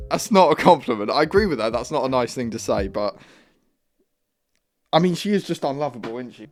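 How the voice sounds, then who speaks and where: A man's voice: medium pitch, animated, a little fast, pauses often. A man rants through a reaction video in a mid-range voice, swearing freely and mocking everything with sarcastic jokes. He sounds close on a studio microphone. Faint music sits underneath. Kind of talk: crude sarcastic commentary. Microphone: studio dynamic mic.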